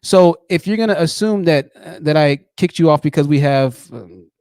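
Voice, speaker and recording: A man hosting a call-in debate stream, mocking and pressing his caller with fast repeated words. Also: a little high, a little mellow, smooth, no room sound, studio quality. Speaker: channel host.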